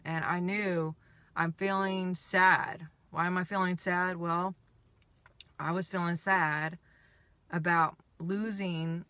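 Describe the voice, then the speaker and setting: A woman with a bright, forceful voice tells a personal story in a candid, halting way, her emotion close to the surface. The recording is dry, with no room sound around her. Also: lowish voice, steady tone, no room sound. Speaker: healing coach. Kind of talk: personal reflective monologue.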